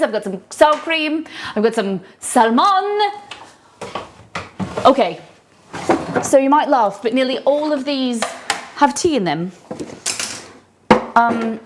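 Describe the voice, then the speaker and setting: A woman's voice: fairly high pitch, a little hiss or hum. An English woman hosting a casual live cooking stream from her home kitchen, chatty and rambling with cheeky asides. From England.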